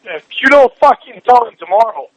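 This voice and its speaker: A man shouting in a heated private argument, furious and swearing nonstop, his voice sore and strained. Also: very high-pitched, lively intonation, brisk, highs cut off.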